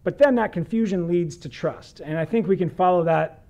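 A man's voice: sits high, moderate pace, a little mellow, highs cut off. A man preaching as a pastor, reading scripture and talking through it in an earnest conversational sermon.

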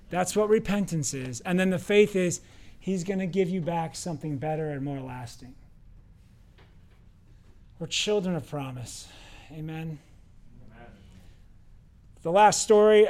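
A man, a pastor with young kids, preaching a casual, animated sermon and acting out the lines of the people in his stories. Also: fairly high pitch. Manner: conversational, animated storytelling with acted quotes.

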